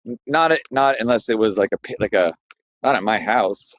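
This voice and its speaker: A man's voice: fairly low pitch, normal speed, low-quality recording. Man, casual live stream, walking outside, phone mic, rambling chat to viewers, faint background noise. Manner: loose, rambling and chatty, talks to chat viewers. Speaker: livestreamer. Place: outdoors, walking through a neighborhood.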